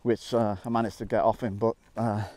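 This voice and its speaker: A middle-aged man, a nature photographer, narrating an outdoor vlog by a waterfall in a valley, excitable and bursting into wows as he explains his photo compositions. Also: fairly low pitch, brisk, no echo.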